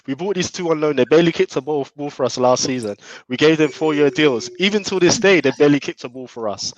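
A man ranting about his football club's decisions in a heated casual chat, scornful and quick to laugh. His voice sits fairly high. The recording is dry and close, with no room around it. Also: no room sound, highs cut off. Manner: animated, scornful, laughs often. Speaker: football fan panelist.

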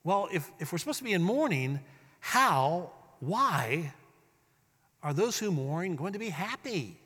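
A man preaching a sermon as pastor, swinging between hushed, drawn-out words and loud, emphatic bursts. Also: sits high, sing-song, slightly rough. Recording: long hall reverb.

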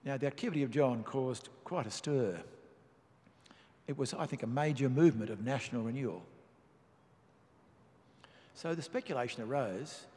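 A man preaching a sermon, reading and explaining scripture in a measured, emphatic way. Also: medium pitch, a little mellow. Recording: long reverb of a large hall.

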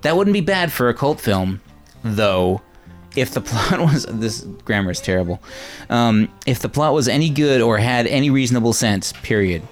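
A man's voice: medium pitch, lively intonation, normal speed, soft background music. A man hosting a casual podcast at home with friends, joking and leading the round of final thoughts. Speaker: podcast host. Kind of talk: casual chat, reading a review aloud.

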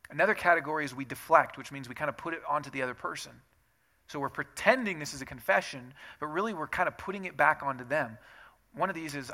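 Bright-voiced man preaching a lively sermon. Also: fairly high pitch, fast talker, vocal fry. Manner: animated, acts out quoted excuses in shifting tones. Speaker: pastor.

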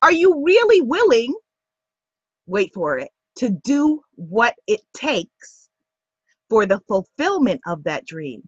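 A high-pitched woman speaking as a spiritual business coach on a live stream. She is emphatic and coaxing and talks straight to her viewers. The audio is dry and a bit dull. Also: very animated, takes it slowly, slightly rough, no echo. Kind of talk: live-stream motivational talk.

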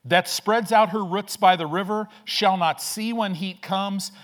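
A male pastor energetically preaches to his church in quick bursts, mixing rhetorical questions with call-and-response. He has a high voice with a fairly bright tone.

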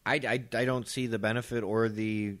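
A man's voice: fairly low pitch, little pitch movement, moderate pace. A man co-hosting a podcast, chatting casually and teasing his friends. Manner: joking, teasing. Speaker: podcast co-host. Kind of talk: casual chat.

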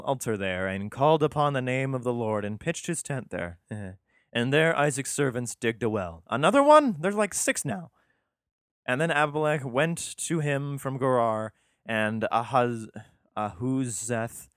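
A man's voice: medium pitch, fairly bright tone, clean tone, no room sound, studio quality. Sarcastic, profane man reading aloud. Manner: sarcastic, profane, exasperated asides. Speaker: host reading scripture with commentary. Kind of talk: irreverent comic commentary.

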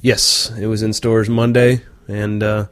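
A man's voice: fairly low pitch, flat delivery, a little slow, a little hiss or hum. A man from North Texas hosting a casual beer podcast, laid-back and joking, swearing casually. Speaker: podcast host.

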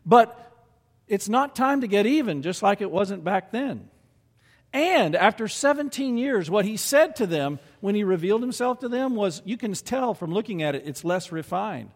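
A man's voice: sits high, expressive, moderate pace, big-room sound. A man preaching a sermon and reading scripture aloud, earnest and building to emphatic peaks.

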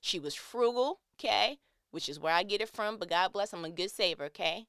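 A woman's voice: medium pitch, fairly quick, fairly bright tone, clear, resonant tone, no room sound, clean studio sound. A woman telling a personal story in a candid, conversational monologue.

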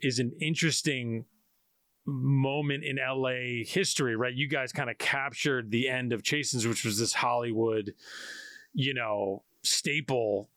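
A man's voice: medium pitch, steady tone, measured pace, a bit bright, dry recording, studio quality. A man hosting a film podcast, asking loose, rambling questions and restarting often. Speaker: podcast host. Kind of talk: casual interview.

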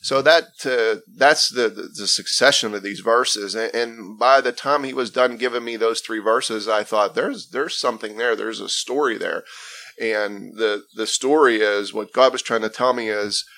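A man's voice: fairly low pitch, moderate pace, pushed and bright. A man earnestly telling his faith testimony in a conversational interview, emphatic and often restarting his phrases. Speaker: guest sharing his testimony.

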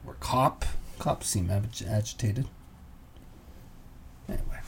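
A man's voice: fairly low pitch, takes it slowly, creaky, a little hiss or hum. A man hosting a solo comedy podcast, musing in a dry, self-mocking way with muttered asides. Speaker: podcast host.

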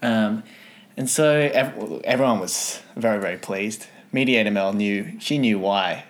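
A man co-hosting a chat show, telling an animated anecdote and often laughing. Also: fairly low pitch, unhurried. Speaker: podcast co-host. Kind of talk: casual storytelling chat.

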